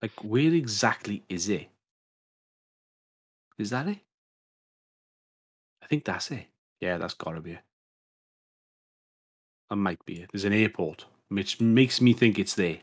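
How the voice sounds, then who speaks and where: A man's voice: lowish voice, animated, a little slow, pauses often, husky. A man co-hosting a podcast in casual chat, rambling and swearing, with many restarts. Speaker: podcast co-host.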